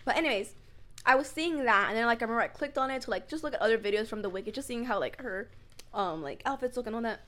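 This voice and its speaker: Young woman podcast co-host, slightly high voice, rambling casual storyteller. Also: quick pace. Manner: chatty, lots of "like" fillers, animated storytelling. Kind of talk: casual chat.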